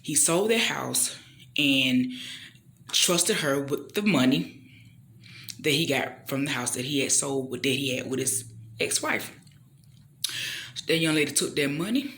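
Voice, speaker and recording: A woman tells a story in a casual, chatty way, with a faith message woven through it. Her voice is bright and clear, and she swings up high when she acts out the people in the story. She keeps checking in with her listener as she talks. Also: a little slow, pauses often, a little hiss or hum. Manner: animated, acts out the people in her story with big jumps in pitch.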